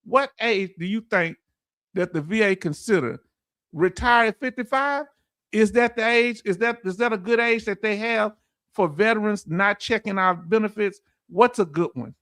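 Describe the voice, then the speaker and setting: In clean studio sound with no echo, a Southern-accented, middle-aged livestream host speaks at a moderate pace in a high, fairly bright voice. He keeps things casual, joking, laughing and reading out comments from viewers.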